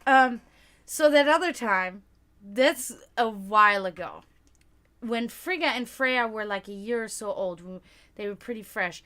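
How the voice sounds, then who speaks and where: A woman's voice: fairly high pitch, a little slow. A woman hosting a livestream, telling rambling, profane stories in casual chat. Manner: rambling, profane, animated storytelling. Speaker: livestream host.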